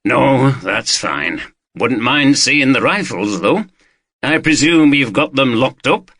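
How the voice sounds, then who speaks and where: A man voicing a calm, courteous older senior detective who speaks slowly. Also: medium pitch, dry recording, exaggerated voice.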